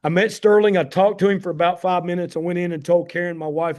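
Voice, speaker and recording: A man's voice: sits high, little pitch movement, quick pace, darkish tone. Folksy Tennessee man in his fifties. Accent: Tennessee Southern American. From Tennessee, USA. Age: 50s. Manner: folksy, emphatic, heartfelt, addresses listeners as guys. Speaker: addiction medicine doctor giving a talk. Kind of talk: personal storytelling presentation on a call.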